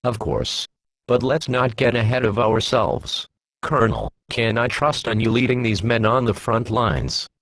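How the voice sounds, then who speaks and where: A man voicing a calm, stern Imperial brigadier who speaks in a measured, commanding way. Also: mid-range voice, no room sound. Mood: calm authority.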